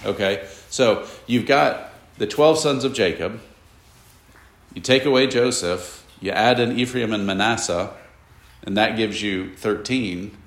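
A man teaches a Bible lesson to a class, explaining as he goes and stopping to put questions to the students. His voice sits low with a gravelly edge. The sound carries the echo of a classroom. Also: measured pace. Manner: explanatory, asks the class questions, casual asides. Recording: echoey room.

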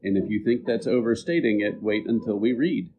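A man's voice: on the low side, brisk, dull audio, a little hiss or hum. A man preaching a sermon to his congregation, talking to them directly and conversationally. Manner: conversational teaching, asides to the congregation. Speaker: pastor.

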